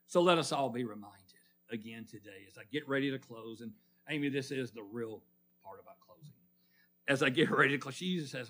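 Preaching in church, a man with a mid-range, fairly bright voice speaks fairly quickly. He calls on people by name and asks the congregation call-and-response questions.

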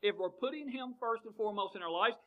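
A man's voice: high voice, quick pace, phone-quality sound. A man, preaching a sermon and asking the congregation one question after another. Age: 50s. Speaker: pastor.

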